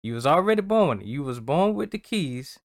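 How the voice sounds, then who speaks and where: A man's voice: fairly high pitch, big pitch swings, brisk, no room sound, studio quality. A man co-hosting a casual motivational podcast, talking in a loose, earnest way with plenty of slang. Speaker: podcast co-host.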